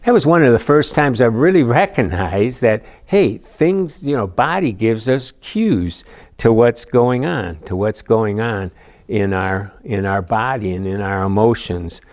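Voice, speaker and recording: A man's voice: lowish voice, expressive, unhurried, darkish tone. A man giving a conversational church lesson, telling personal stories with frequent asides. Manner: storytelling with personal anecdotes, many asides. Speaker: church teacher. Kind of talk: conversational teaching talk.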